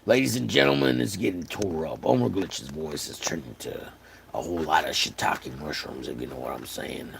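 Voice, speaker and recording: A man from Texas with a hoarse, wearing-out voice, chatting casually and jokingly to his live stream audience while riffing on catchphrases. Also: extremely low pitch, normal speed, noisy background. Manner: joking, rambling, riffs on catchphrases.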